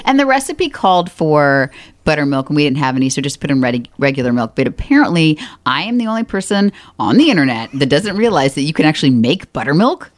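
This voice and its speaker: A woman co-hosting a podcast in casual chat, lively and self-mocking. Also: sits low, fast. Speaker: podcast co-host.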